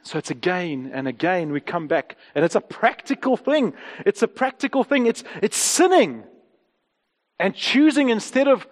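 A man's voice: high-pitched, very animated, moderate pace. A man, preaching a sermon and telling candid personal stories, often repeating his phrases. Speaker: pastor. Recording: long hall reverb.

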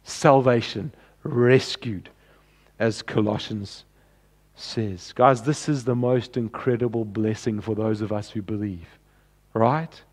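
A pastor preaching a sermon, earnest and pleading, often dropping softly at the ends of phrases. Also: male voice, fairly low pitch, steady tone, slow.

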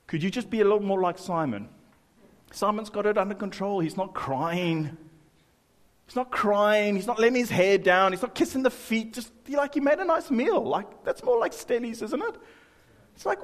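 A man's voice: sits high, lively intonation, moderate pace, in a large hall. A man preaching a sermon in church, joking and chatting with many asides. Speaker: pastor.

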